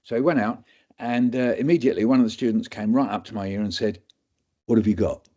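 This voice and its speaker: A man's voice: mid-range voice, fast talker, warm tone. A man in his seventies, guest speaker at a webinar, telling a humorous story in a chatty, self-deprecating way. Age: 70s. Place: webinar recording. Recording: dull lo-fi audio.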